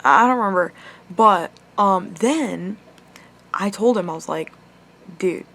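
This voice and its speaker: A woman's voice: medium pitch, a little slow, fairly bright tone. Rambling, foul-mouthed young woman vlogger. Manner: rambling, frequent swearing and filler words. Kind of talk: casual storytime monologue.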